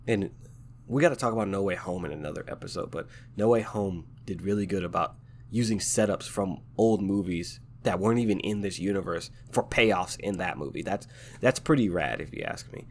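A man's voice: low-pitched, fairly quick, a little hiss or hum. A man with a stuffy, congested nose hosts a podcast and talks casually and loosely about writing, with plenty of slang. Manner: laid-back, slangy, fond of "like" and "man". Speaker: podcast host and novelist.

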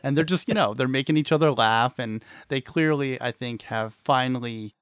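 A man's voice: mid-range voice, normal speed, a bit bright, clean tone, no echo, studio quality. A man co-hosting a podcast, talking in an easygoing way about a TV episode. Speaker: podcast co-host. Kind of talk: casual TV recap chat.

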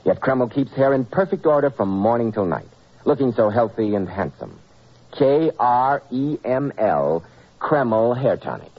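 A man announcing in a scripted old-time radio style, smooth and salesman-like. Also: medium pitch, lively intonation, unhurried. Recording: dull old radio broadcast.

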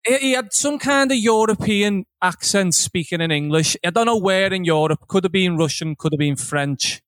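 A man's voice: high voice, moderate pace, a bit bright, no room sound, studio quality. A young man telling a crude, laughing anecdote on a podcast recorded from home. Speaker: podcast co-host. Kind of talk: casual chat, storytelling.

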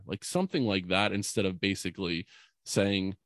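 A man in his forties, a youth mentor appearing as a podcast guest, tells a personal story earnestly and emotionally, with plenty of fillers. His low voice moves at a moderate pace in a dry, studio-quality recording.

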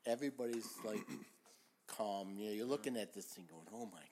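An older man, a former paramedic, telling stories in an animated way on a casual podcast chat, often laughing. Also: fairly low pitch, normal speed, a little hiss or hum. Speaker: retired paramedic, podcast host.

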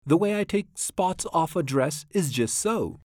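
A man's voice: fairly high pitch, animated, a little slow, a little mellow, no echo, studio quality, pitched above the performer's own voice. A man voicing a mischievous male cat in a hat in a storybook reading, coaxing and unbothered, often laughing off trouble. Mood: sly.

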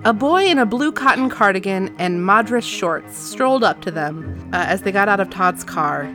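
A woman's voice: mid-range voice, lively intonation, moderate pace, music in the background. A woman co-hosting a podcast, chatting casually about a book, laughing often and reading passages aloud. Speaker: podcast co-host. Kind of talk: casual chat recapping a book.

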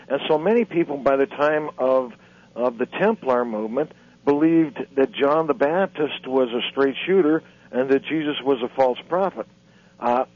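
A man speaking as an author and lecturer guest on a radio interview, halting and repeating words as he tells his story. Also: mid-range voice. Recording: dull lo-fi radio audio.

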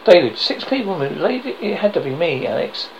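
Brief: a man reading as a panicked young werewolf man, creaky voice, lively pitch, dull lo-fi sound. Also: fairly quick. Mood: desperate. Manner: read flatly from a script. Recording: dull lo-fi, faint background noise.

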